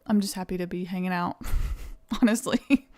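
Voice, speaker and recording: A woman's voice: on the low side, fairly even intonation, moderate pace, mellow. A young woman from East Tennessee with a Southern accent, chatting casually with viewers on a live stream and thanking them. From East Tennessee, USA.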